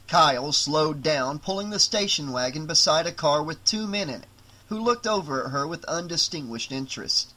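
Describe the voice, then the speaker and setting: A man narrating a horror novel as an audiobook in a slow, expressive reading. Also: a little high.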